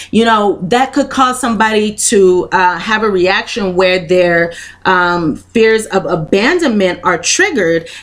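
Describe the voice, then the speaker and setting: Casting note: woman reader, mid-pitched, earnest tarot guidance with repetitive, encouraging phrasing. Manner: earnest and encouraging, repeats phrases, many "you know" fillers. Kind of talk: spoken tarot reading.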